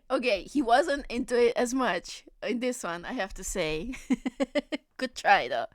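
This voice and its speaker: A woman's voice: fairly high pitch, expressive, slow, dry recording, clean studio sound. A woman streamer chatting casually on a live stream, giggling and asking incredulous questions.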